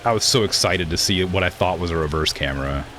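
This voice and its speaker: A man's voice: low voice, fast, fairly bright tone, soft background music. A young man streaming a farming game and chatting casually, with a blunt, direct way of talking that stresses words hard and can sound accusatory. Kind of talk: casual gameplay commentary.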